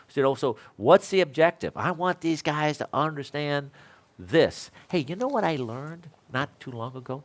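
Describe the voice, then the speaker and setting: A man's voice: on the high side, lively intonation, moderate pace. A man in his sixties, an electrical code instructor, talking casually with fellow instructors in a rambling, self-deprecating way and laughing often.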